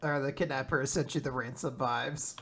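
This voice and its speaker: A man's voice: mid-range voice, fairly even intonation, fairly quick, fairly bright tone, slightly rough. A man co-hosting a podcast, chatting casually and quoting characters with enthusiasm. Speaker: podcast co-host. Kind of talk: casual chat.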